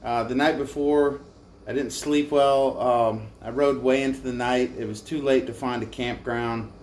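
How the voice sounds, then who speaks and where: A man's voice: medium pitch, steady tone, a little slow, a little mellow, a little hiss or hum. Tired, profane man telling a road story. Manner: crude, profane, self-mocking storyteller. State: tired from little sleep. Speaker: motorcycle travel vlogger. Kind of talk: casual storytelling.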